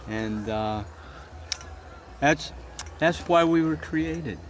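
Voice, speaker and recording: A man speaking earnestly and haltingly about his faith. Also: on the high side, slight background noise. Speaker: Christian speaker. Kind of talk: reflective talk.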